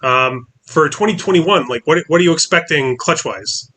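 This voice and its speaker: Bright-voiced laid-back male host. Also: fairly high pitch, moderate pace. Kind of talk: casual interview.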